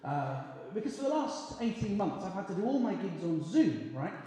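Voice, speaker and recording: A man's voice: high voice, very animated, moderate pace, dark tone. A man in his late twenties from Bristol doing a self-deprecating stand-up set, hesitant and full of ums. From Bristol, England. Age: 20s. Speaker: stand-up comedian. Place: comedy club stage with live audience. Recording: echoey hall with crowd noise.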